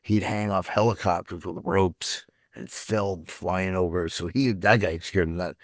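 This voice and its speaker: A man hosting his own TV show, telling a story in an animated, casual way and swearing freely. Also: low-pitched, a little slow, no echo, clean studio sound.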